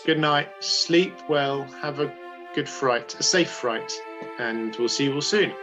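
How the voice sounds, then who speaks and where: A man's voice: medium pitch, unhurried, over music. A man hosting a casual podcast over a video call, chatting and signing off to listeners. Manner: chatty, friendly sign-off patter. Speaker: podcast host. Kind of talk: casual chat and show sign-off.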